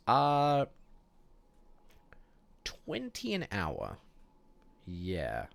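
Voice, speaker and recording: A low-voiced guy who sounds sick hosts a livestream, casually chatting and reading out viewer messages. He rambles and jokes, full of fillers and restarts, in a dry recording.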